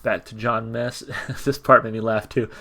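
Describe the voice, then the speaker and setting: A man at an ordinary pitch talks through a song's lyrics in a loose, unscripted way. He hesitates, repeats words and stacks fillers like "you know" and "like" as he thinks aloud. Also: moderate pace, gravelly. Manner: conversational, frequent fillers and repeats, reads lyrics in a flat tone. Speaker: music reaction channel host. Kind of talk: casual commentary, reading lyrics aloud.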